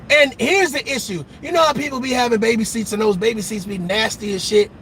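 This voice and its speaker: A man delivering a profane comedic rant about dating, laughing and shouting as he goes. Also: very high voice, slight background noise. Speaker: dating commentator.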